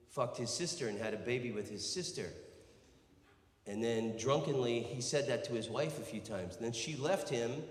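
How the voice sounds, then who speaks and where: An American man doing live stand-up comedy, brash and profane, yelling to rouse the crowd. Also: mid-range voice. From United States. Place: stage in a large hall. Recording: roomy live hall reverb.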